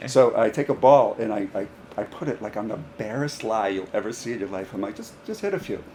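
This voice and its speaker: Low-voiced man telling coaching stories. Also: brisk, slight background noise. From Rhode Island, US. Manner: animated, acts out dialogue in stories. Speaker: high school golf coach. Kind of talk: casual podcast storytelling.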